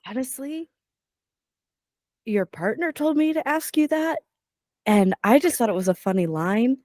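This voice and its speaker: A woman's voice: a little high, expressive, normal speed, a little mellow, no echo, clean studio sound, lightly acted. A woman voicing an upbeat, eager adventurer in a whispered role-play, rambling apologetically. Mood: sheepish.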